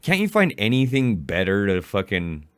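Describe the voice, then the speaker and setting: Man, angry profane rant, reaction commentary, deep smooth voice, dry close mic. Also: big pitch swings, moderate pace, fairly bright tone, dry recording. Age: adult. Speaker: commentary YouTuber.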